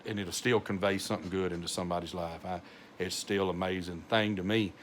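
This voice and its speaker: Slow-talking North Texas pastor. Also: male voice, deep voice, fairly even intonation, a little hiss or hum. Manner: slow, rambling, many fillers and restarts. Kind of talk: informal devotional talk.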